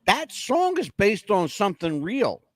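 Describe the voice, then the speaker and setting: Male podcast co-host, a touch high, lively and emphatic, jokey, dry close sound. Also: unhurried, dry recording. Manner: emphatic, joking, keeps swearing he is not making it up. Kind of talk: casual chat.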